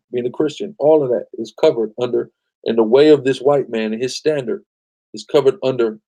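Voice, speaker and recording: A man's voice: mid-range voice, dark tone. A man hosting a live-stream bible study, preaching emphatically, often asking "right?" and telling the reader to go ahead. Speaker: host leading a scripture study.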